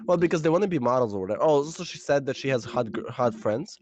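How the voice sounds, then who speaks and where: A man's voice: medium pitch, lively intonation, rapid-fire, no echo. A young man co-hosting a casual podcast, telling a story in a rambling way, swearing and laughing often. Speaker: podcast co-host.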